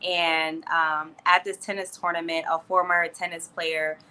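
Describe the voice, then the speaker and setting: A woman's voice: lowish voice, level tone, measured pace, pushed and bright. A woman in her twenties from New Jersey and Florida, a PR professional chatting as a friendly interview guest. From New Jersey and Florida, United States. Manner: friendly, chatty, laughs easily. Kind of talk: casual interview.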